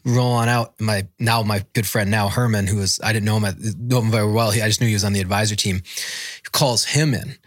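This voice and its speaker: Low-voiced man telling war stories. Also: steady tone, fairly quick, a bit bright, no room sound, studio quality. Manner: rambling, profane, acts out quoted people. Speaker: podcast guest, former Marine. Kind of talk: casual storytelling interview.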